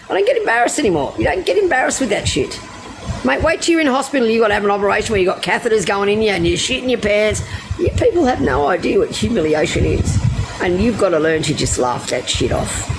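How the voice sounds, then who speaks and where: Casting: middle-aged Australian woman, blunt and crude storyteller, low voice, noisy background. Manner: brash, swearing, animated anecdotes. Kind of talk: casual storytelling.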